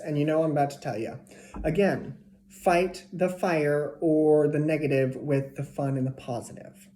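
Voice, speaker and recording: A woman with a slightly low, mellow voice reads tarot cards for a zodiac sign in a loose, chatty way. She repeats herself, restarts her sentences, and sometimes drops to a hushed whisper. The recording sounds like a bare, echoey room. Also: normal speed. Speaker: tarot reader. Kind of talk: casual tarot reading. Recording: echoey room with faint noise.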